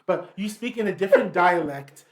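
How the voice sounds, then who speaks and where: A man co-hosting a podcast, telling stories in a casual chat, animated and swearing freely. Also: high-pitched, fairly quick. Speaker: podcast co-host. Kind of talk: casual conversation.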